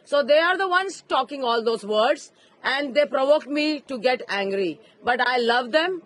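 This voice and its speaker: Brief: female street preacher, high voice, impassioned, outdoor park, handheld mic. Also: animated, unhurried, a little hiss or hum. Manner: fervent, rising to emphatic shouts.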